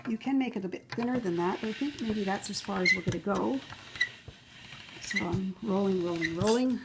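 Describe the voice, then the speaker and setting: A middle-aged woman talking casually while she demonstrates a recipe in a home kitchen. She rambles and fills pauses with "um". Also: medium pitch, creaky, heavy background noise. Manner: chatty and rambling, with many fillers. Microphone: camera mic, filmed by her son.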